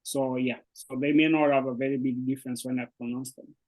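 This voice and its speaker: A man's voice: medium pitch, level tone, brisk, a little mellow, poor audio. A man who speaks natively, teaching a language lesson in English with a hesitant manner full of fillers and restarts. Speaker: Swahili teacher. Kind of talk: explaining an online language lesson.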